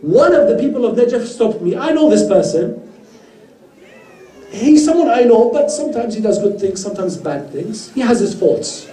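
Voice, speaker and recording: A man's voice: sits high, normal speed. A man giving a religious sermon to a gathering, telling stories earnestly and voicing the people in them. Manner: earnest storyteller, quoting others in lively voices. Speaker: speaker at a mourning gathering. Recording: roomy hall heard from a distance.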